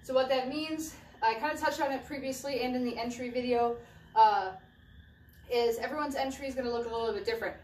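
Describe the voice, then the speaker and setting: A woman's voice: a little high, brisk, darkish tone. A young adult woman coaching shot put technique in a casual, demonstrating way, often restarting and repeating phrases as she moves. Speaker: track and field throwing coach. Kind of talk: casual instructional talk while demonstrating. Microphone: camera mic at a distance. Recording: distant camera mic with echo and faint ambience.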